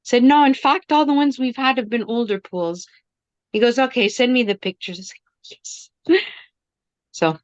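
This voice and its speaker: A middle-aged woman tells a personal story over a video call, acting out what people said in lively turns. Her voice is smooth and clear and sits a little high. The audio is dull and dry, like a muffled call. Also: moderate pace, pauses often, dry recording. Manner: animated, acts out quoted dialogue. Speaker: workshop participant. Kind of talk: casual storytelling.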